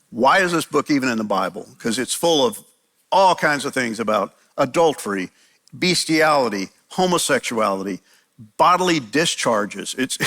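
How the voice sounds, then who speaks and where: Man, pastor, casual sermon delivery, bright tense tone, frequent restarts. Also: medium pitch. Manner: conversational preaching with frequent restarts.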